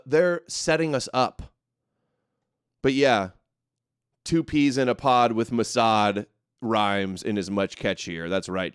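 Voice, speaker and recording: Sarcastic male show host, smooth voice. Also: mid-range voice, no echo, clean studio sound. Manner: mocking, sarcastic, quick asides. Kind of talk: live commentary reacting to clips.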